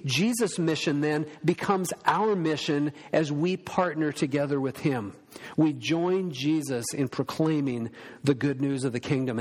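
A man's voice: on the high side, a little mellow. A male pastor preaching a sermon, earnest and storytelling, acting out the voices of people he quotes. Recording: long hall reverb.

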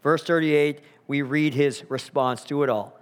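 A man preaching a sermon, earnest and emphatic, slowing down to repeat key phrases, in a church sanctuary. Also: a little high, fairly even intonation. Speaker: pastor. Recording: long hall reverb.

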